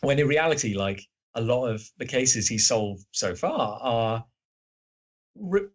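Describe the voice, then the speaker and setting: A British man chatting as a podcast guest, his voice a little husky, hesitant and full of fillers and restarts. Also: mid-range voice, expressive, a little slow. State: slightly husky. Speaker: guest writer. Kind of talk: casual podcast chat.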